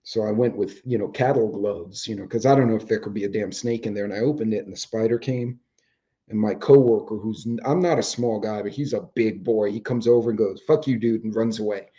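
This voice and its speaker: A man's voice: lowish voice, fairly even intonation, brisk, mellow, dull audio. A man, hosting a casual chat show from home, rambling and swearing offhandedly, his voice starting to go. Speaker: host. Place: home, indoors with dogs.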